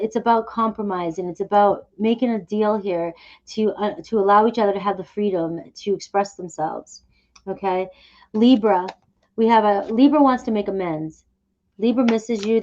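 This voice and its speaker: A woman's voice: medium pitch, a little mellow, highs cut off. A woman doing a casual tarot reading, chatty and reassuring, often checking in with the listener. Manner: chatty, upbeat, reassuring, often asks "okay?". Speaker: tarot reader.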